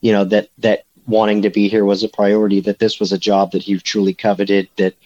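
A man's voice: fairly low pitch, completely flat delivery, a little fast, a little mellow, lo-fi sound. A man co-hosting a casual sports podcast, rambling with lots of fillers and restarts. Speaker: podcast co-host, recruiting beat reporter.

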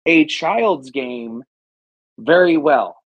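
A man's voice: a little high, lively intonation, very slow, no room sound. A man co-hosting a podcast in casual chat, swearing freely and ranting with heat. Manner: profane, heated rants. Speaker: podcast co-host.

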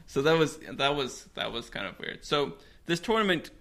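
A man's voice: fairly high pitch, big pitch swings, normal speed, a bit bright. A man co-hosting a podcast, telling football history stories in a casual, chatty way. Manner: storytelling, laughs often. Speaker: podcast co-host.

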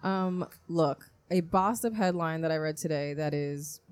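A woman co-hosting a podcast in casual chat, easygoing and quick to laugh and agree. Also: sits low, smooth, no echo. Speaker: podcast co-host.

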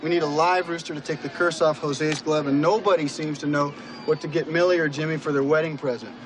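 An actor playing a weary assistant baseball coach, summing up the trouble in a dry, matter-of-fact way, heard in a film clip. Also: male voice, fairly high pitch, steady tone, a little fast, natural voice. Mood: exasperated. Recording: film clip with outdoor noise.

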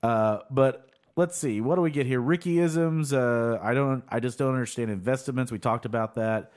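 A man hosts a casual podcast. He rambles loosely through an episode recap, swearing freely as he goes. His pitch sits in the middle range. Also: moderate pace, a little mellow. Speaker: podcast host.

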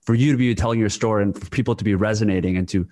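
Laid back host guy, lowish voice, supportive, says dude a lot. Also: racing. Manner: relaxed and supportive, casual with "dude" and "like". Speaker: podcast host. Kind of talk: casual interview conversation.

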